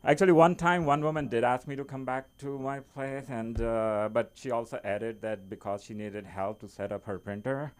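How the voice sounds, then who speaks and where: Non-native English-speaking man, open mic comic, halting delivery full of fillers and restarts, mid-pitched, faint noise behind. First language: not English. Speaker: stand-up comedian. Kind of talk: open mic stand-up set. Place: small comedy club.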